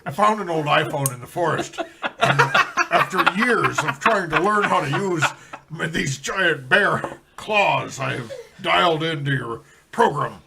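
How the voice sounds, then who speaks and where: A man voicing a former president reincarnated as a bear, talking slowly and cracking up as he goes. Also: fairly high pitch, lively intonation, vocal fry, very noisy. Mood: bumbling. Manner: giggly, slow and deliberate.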